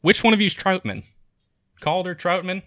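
A man's voice: medium pitch, normal speed, sharp tone, pitched above the performer's own voice. A man doing an eager young courier.

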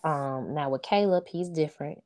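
A woman's voice: deep voice, normal speed, darkish tone. A woman talking informally and from the heart as an interview guest, a single mother speaking about her sons. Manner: earnest, heartfelt and informal, with frequent "you know what I'm saying". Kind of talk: casual heartfelt interview chat.

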